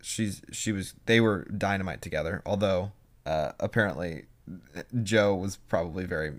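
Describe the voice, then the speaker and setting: A young man co-hosting a podcast, chatting casually and telling animated stories. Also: sits low. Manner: animated storyteller, quick bursts and impressions. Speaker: podcast co-host. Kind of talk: casual chat.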